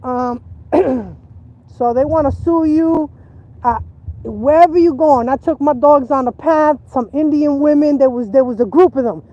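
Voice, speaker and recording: A woman chatting on a casual livestream outdoors by a river, talking in an animated, emphatic way and repeating herself for stress. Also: sits high, measured pace, highs cut off.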